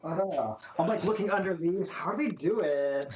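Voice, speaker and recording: A man's voice: high voice, highs cut off, crowd noise. A man playing a tabletop game, thinking aloud in casual chat. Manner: slow and lively, thinking aloud. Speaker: player.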